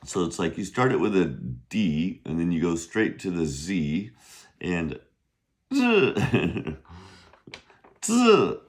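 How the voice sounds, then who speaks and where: Slow, deep-voiced man teaching Mandarin. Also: darkish tone. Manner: slow, patient, drawn-out pronunciation modeling; bursts of high pitch when modeling Chinese tones. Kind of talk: casual vocabulary lesson.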